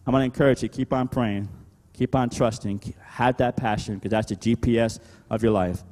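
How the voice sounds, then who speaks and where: A male pastor preaching a sermon, calling out "Amen?" to the congregation and swinging between loud emphatic exhortation and quieter talk. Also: mid-range voice, steady tone, fairly quick, long reverb tail. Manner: preaching with call-and-response "Amen?".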